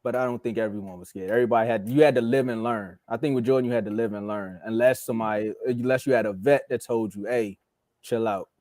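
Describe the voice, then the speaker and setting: A man with a middle-range voice trades basketball stories on a podcast, relaxed and casual. He slips into the voices of the people he quotes, and the sound is close and dry. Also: medium pitch, fast talker, few pauses, no room sound. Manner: relaxed storyteller who acts out quotes. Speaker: sports podcast co-host. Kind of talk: casual sports debate.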